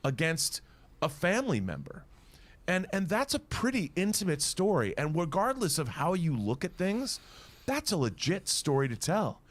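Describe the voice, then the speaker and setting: A man's voice: a little high, huge pitch swings, normal speed. A man on a podcast giving an impassioned, exasperated rant about films, often repeating words as he gets worked up. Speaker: podcast host in a played clip.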